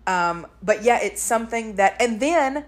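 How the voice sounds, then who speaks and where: Woman podcast co-host, slightly high voice, chatty storyteller who acts out quotes. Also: lively intonation, measured pace. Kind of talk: casual chat.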